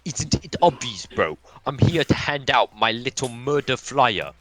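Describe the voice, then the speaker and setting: A man's voice: mid-range voice, animated, a little slow, over music, close to an everyday voice. A man voicing a smug, scheming male robot bear mascot in a fan dub, talking in slangy lines that end in "bro".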